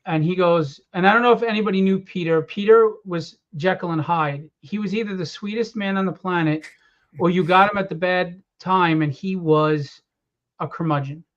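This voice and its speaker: A man casually telling animated stories about his comic book writing, acting out what others said. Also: high-pitched, moderate pace. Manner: animated storyteller acting out quotes. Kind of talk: casual storytelling. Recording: dull lo-fi sound.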